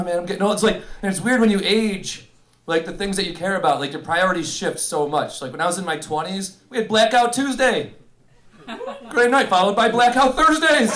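A man's voice: very high voice, fairly bright tone. A man in his thirties doing a stand-up set on stage, telling loose, profane, self-mocking stories. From Buffalo, New York. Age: 30s. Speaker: stand-up comedian. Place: comedy venue with live audience.

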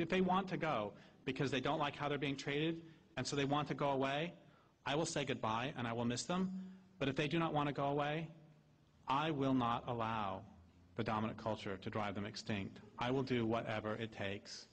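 A man giving a public talk as an activist speaker, wry and impassioned, drifting into anecdotes between sharp points. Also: medium pitch, moderate pace, big-room sound. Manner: wry, impassioned, digressive storytelling.

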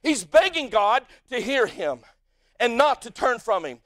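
A male pastor with an American accent preaching a sermon in a church, swinging from quiet asides to shouted peaks. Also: very high voice, animated, normal speed, dry recording. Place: church sanctuary.

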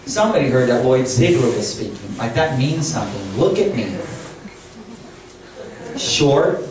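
An older man giving a storytelling sermon as a camp chapel speaker, animated and laughing as he acts out quoted lines. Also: medium pitch, a little slow. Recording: echoey hall, distant mic, noisy.

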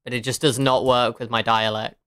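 A woman's voice: very deep voice, flat delivery, a little fast, fairly bright tone, smooth, no echo, clean studio sound. A woman game streamer chatting casually, laughing often, swearing and answering her chat.

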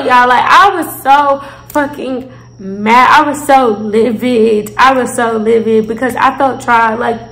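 A woman in her twenties telling a storytime vlog, animated and profane, talking straight to her viewers. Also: high-pitched, reverberant, poor audio. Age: 20s. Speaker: vlogger. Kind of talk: casual storytime.

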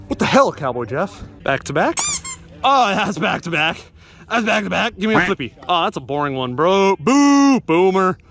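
A man vlogging from an outdoor softball field, joking with teammates and yelling at big plays. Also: high voice, expressive, normal speed. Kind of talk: excited play-by-play banter.

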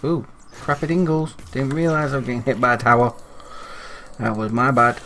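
A young man chatting casually as he commentates his own online game, self-critical and excitable at times. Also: medium pitch, moderate pace, soft background music. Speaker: gaming commentator.

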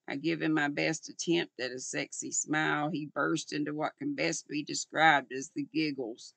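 A woman's voice: low-pitched, fairly even intonation, unhurried, vocal fry, few pauses, a bit bright, no echo. A woman in her sixties with a Southern US accent, reading a novel aloud on her channel and chatting in a homey, folksy way. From North Carolina, US. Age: 60s.

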